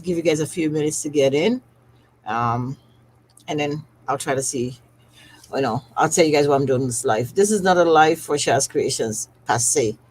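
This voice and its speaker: A woman's voice: sits low, darkish tone, a little hiss or hum, poor audio. A woman running her business's livestream, talking to viewers in a heartfelt way and close to tears. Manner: heartfelt and tearful, speaking directly to viewers. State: on the verge of tears. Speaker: skincare business owner hosting a live stream. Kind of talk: emotional personal livestream.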